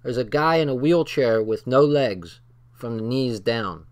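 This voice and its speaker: A man's voice: medium pitch, animated, measured pace. Blunt, profane man in casual commentary. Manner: blunt and profane, talks straight from personal stories. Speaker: channel host reading and commenting on a text.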